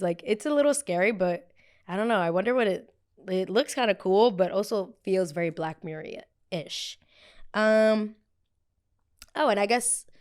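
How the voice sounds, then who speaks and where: Chatty young woman hosting a podcast. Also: lowish voice. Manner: chatty and animated, many fillers and sudden excited exclamations. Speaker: podcast host. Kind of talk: casual solo pop culture recap.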